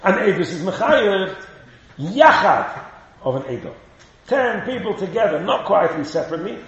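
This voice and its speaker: A man's voice: high-pitched, sing-song, moderate pace, fairly bright tone. A man teaching a Torah class, questioning his students and chanting the Hebrew texts he quotes. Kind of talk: lively classroom Talmud lesson. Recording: roomy, dull lo-fi class recording with faint hiss.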